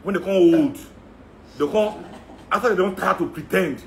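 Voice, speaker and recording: A man's voice: high-pitched, normal speed, a little hiss or hum. A Nigerian man in casual, opinionated chat who mixes Pidgin and Yoruba and mocks his listeners. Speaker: musician and guest.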